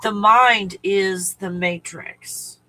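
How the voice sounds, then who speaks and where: A man's voice: high voice, steady tone, extremely slow, pushed and bright, rough recording. A man hosting a casual spiritual live stream, rambling and restarting his thoughts, now and then breaking off to talk to his dog. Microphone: live stream microphone at home.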